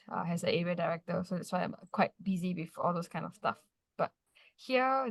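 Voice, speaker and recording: A woman's voice: lowish voice, vocal fry, no room sound. A woman sharing her thoughts over a video call, hesitant, with many fillers and apologies. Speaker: club member.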